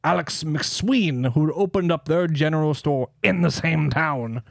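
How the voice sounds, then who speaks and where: A man's voice: on the high side, unhurried, gravelly, no echo, studio quality. A man hosting a podcast, telling a story in casual chat, laughing often, swearing and joking around.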